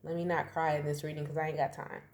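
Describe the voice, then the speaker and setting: A woman's voice: sits low, flat delivery, fast, darkish tone. Chatty woman giving a tarot reading. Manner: chatty, laughs often, slangy asides. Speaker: tarot reader. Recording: echoey room, faint ambience.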